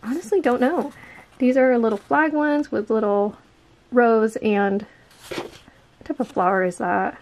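Gushing young woman with a high voice. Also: unhurried, pauses often, poor audio. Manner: gushing, excitable, drifts into soft whispers. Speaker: planner vlogger. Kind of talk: casual unboxing chat.

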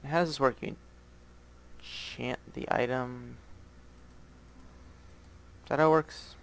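A man's voice: mid-range voice, steady tone, slow pace, creaky. A man with a light Southern US accent hosting casual gameplay commentary, rambling and thinking aloud, often muttering to himself. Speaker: gaming channel host.

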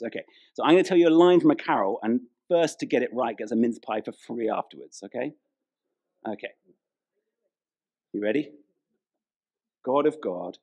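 A man's voice: lowish voice, darkish tone. A man, preaching a humorous, chatty sermon in a church. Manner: humorous storytelling, chatty, playful with the congregation. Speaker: pastor.

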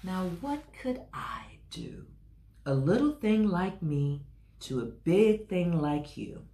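A woman's voice: on the low side, big pitch swings, slow pace, creaky, warm tone, reverberant, pitched above the performer's own voice, heavily acted. Woman doing a cheeky little mouse. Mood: teasing. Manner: teasing.

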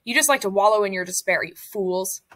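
A woman's voice: mid-range voice, brisk, a bit bright, natural voice. A woman reading a memoir aloud, voicing a stern male camp block elder with a curt, commanding manner.

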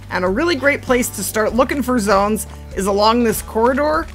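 A woman giving game commentary for her channel, explaining things calmly and then squealing and laughing when the action heats up. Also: fairly high pitch. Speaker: gaming YouTuber.

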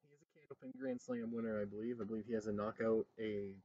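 A man's voice: on the low side, flat delivery, fast talker, warm tone. A man co-hosting a podcast, chatting casually and bluntly on an outdoor deck, swearing freely. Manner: blunt, profane. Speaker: podcast co-host. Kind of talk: casual chat. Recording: dull lo-fi with faint ambience.

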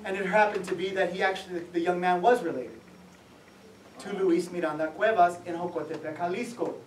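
A man's voice: high voice, fairly even intonation, brisk, slight background noise. A man, an author, giving a public talk in a museum event space and telling his story with laughs, acting out the people in it. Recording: echoey room, mic from far off.

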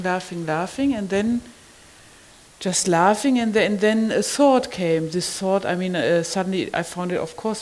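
A woman recalling a personal experience in conversation, halting and marvelling, often ending phrases with a questioning "yeah?". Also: on the low side, a little mellow, a little hiss or hum, rough recording. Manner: wondering, marvelling delivery. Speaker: community member sharing an experience.

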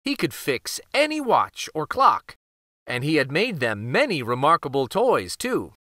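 A man hosting a children's read-aloud channel, reading a picture book in an expressive, lively storytelling way. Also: on the high side, unhurried, no echo, clean studio sound.

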